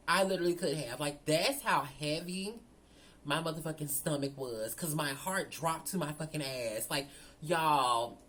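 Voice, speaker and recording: A woman telling a storytime vlog, animated and profane, talking straight to her viewers. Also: sits low, husky. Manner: animated, profane, addresses viewers as girl and y'all. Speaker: storyteller vlogger.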